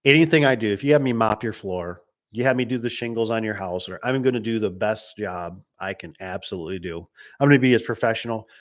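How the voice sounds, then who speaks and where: A man's voice: fairly low pitch, fast talker. A middle-aged man who owns a garage door business, talking casually and rambling through stories and comments with lots of quoted dialogue. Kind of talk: casual talk answering viewer comments.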